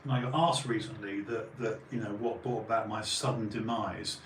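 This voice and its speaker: A man's voice: on the low side, steady tone, normal speed, distant mic. A man in his forties giving an emphatic, rambling opinion monologue as a channel host. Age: 40s. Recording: roomy echo, voice off-mic, faint background hum.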